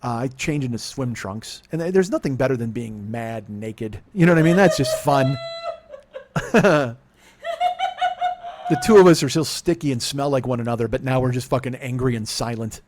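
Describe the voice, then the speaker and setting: A man in his forties hosting a comedy podcast, telling a confessional story in a profane, self-deprecating way that drops to low muttering and then bursts out loud. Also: normal speed. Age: 40s. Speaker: podcast host.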